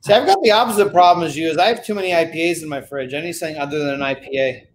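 A man's voice: on the high side, rapid-fire. A man co-hosting a podcast, chatting in a wry, offhand way. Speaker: podcast co-host. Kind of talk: casual chat.

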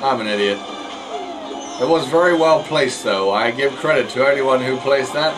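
A man's voice: medium pitch, normal speed, low-quality recording. A man casually commenting while playing a racing game online, joking at his own mistakes and stumbling over words. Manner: jokey, self-mocking, stumbling over words. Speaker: gameplay commentator. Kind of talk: casual let's play commentary. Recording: game music behind the voice.

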